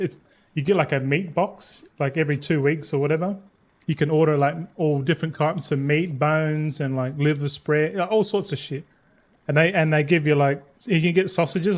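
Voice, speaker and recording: A man streaming a game, chatting casually with viewers in a rambling, laid-back way, swearing freely and restarting his words. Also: a little high. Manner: slangy and laid-back, says mate and bro.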